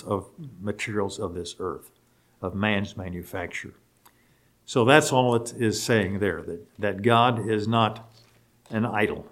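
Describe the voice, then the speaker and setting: Slow, deliberate male Bible teacher. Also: on the low side, a bit bright. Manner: slow and deliberate, spells out Greek words letter by letter. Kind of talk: Bible study lecture.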